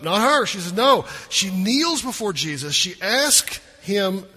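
A man preaching a sermon as pastor, animated, acting out the people in the story. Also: sits high, moderate pace, husky, big-room sound.

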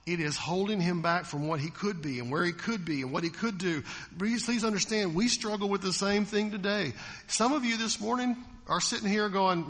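Man preaching, bright high voice, big echoing church hall, lively. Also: normal speed. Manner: animated, acts out quoted voices, asks the congregation questions. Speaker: pastor. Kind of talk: sermon. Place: church sanctuary.

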